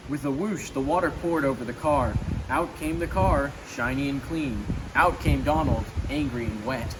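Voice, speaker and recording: A man's voice: medium pitch, moderate pace, background noise. A man reading a children's storybook aloud and chatting about the pictures, with small stumbles. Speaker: storybook reader. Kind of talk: casual storybook read-aloud with commentary.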